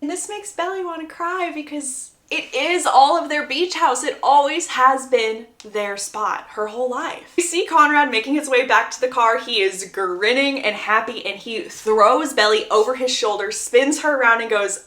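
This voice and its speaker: A woman's voice: a little high, normal speed, hardly any pauses, sharp tone, echoey room. A young woman retelling the plot of a novel in a chatty, enthusiastic way, quoting the characters as she goes. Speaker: book summary creator.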